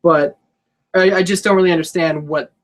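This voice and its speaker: A man co-hosting a casual wrestling podcast, loud and joking with a lot of profanity. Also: on the high side, steady tone, moderate pace. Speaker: podcast co-host.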